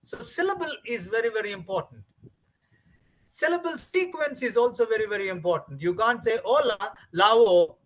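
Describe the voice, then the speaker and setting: A man's voice: sits high, lively intonation, fairly quick, fairly bright tone, poor audio. A man giving a training lecture to teachers, emphatic and repetitive, with many fillers.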